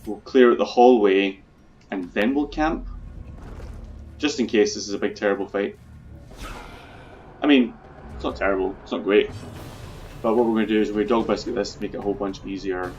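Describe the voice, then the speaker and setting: Low-voiced man doing casual gameplay commentary. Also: fairly quick, long pauses, darkish tone, lo-fi sound, soft background music. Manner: chatty, swears freely, talks through his plans. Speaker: video game let's player.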